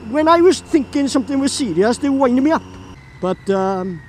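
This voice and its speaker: A man's voice: extremely high pitch, expressive, fairly quick, darkish tone, a little hiss or hum, low-quality recording. A man from Llanelli with a Welsh accent, telling a rambling story while riding his motorbike and laughing often. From Wales. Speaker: motorcycle vlogger. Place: on a moving motorbike outdoors.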